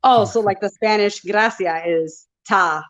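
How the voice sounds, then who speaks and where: An American woman talks as a guest on a casual interview. She is bubbly and laughs easily, and she thinks out loud as she guesses. Her mid-pitched voice comes through slightly muffled. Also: a little slow. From United States. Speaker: guest, wrestling referee.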